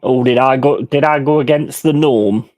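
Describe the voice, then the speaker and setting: A man's voice: mid-range voice, normal speed, darkish tone, no room sound. A middle-aged man hosting a live stream, ranting bluntly and swearing freely in casual chat. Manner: mimics other people in quoted voices. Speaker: livestream host.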